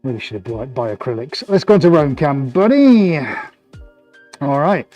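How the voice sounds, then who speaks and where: Man, live-stream painter, chatty and jokey, warm mellow voice, faint music behind. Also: mid-range voice, big pitch swings, a little slow. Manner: chatty, jokey, laughs often while working. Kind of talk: casual live-stream commentary. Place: art studio, indoors.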